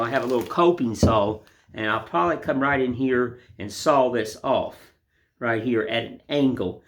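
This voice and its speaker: A man's voice: medium pitch, fairly bright tone, slight background noise. Folksy older man teaching woodcarving. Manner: folksy, rambling, self-deprecating. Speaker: woodcarving instructor. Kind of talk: casual hands-on demonstration.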